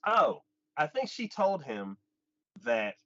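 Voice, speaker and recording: A man hosts a casual anime talk, recapping an episode with a very lively, swooping voice. He jumps up into the characters' lines as he acts them out. The sound is dry and dull, like a lo-fi recording. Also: a little high, takes it slowly, no echo. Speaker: anime podcast host.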